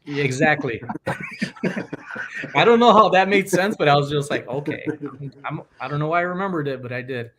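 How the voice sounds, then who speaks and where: A man's voice: fairly high pitch, fairly quick, pauses often, a little hiss or hum. A man hosting a podcast, chatting casually and acting out the people in his stories. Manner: animated storyteller acting out quoted people. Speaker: podcast host. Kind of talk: casual chat.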